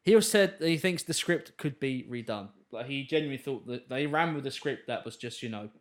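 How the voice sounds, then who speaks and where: A man's voice: mid-range voice, expressive, brisk. A man co-hosting a movie review podcast, rambling and stumbling over his words in casual chat. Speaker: podcast co-host.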